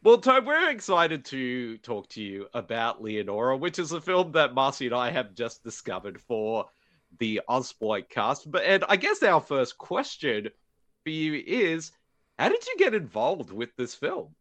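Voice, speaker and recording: A man's voice: medium pitch, huge pitch swings, unhurried, fairly bright tone, dry recording. A man hosting a podcast, chatting casually and laughing often. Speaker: podcast host.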